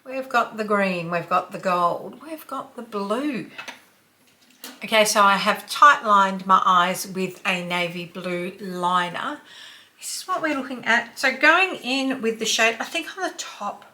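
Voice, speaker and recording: This is an Australian woman in her fifties, filming a relaxed makeup tutorial for her channel. She talks slowly and without hurry. Her voice has a bright, forward edge, and she drops to a soft whisper now and then while she blends. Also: mid-range voice. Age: 50s. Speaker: beauty vlogger.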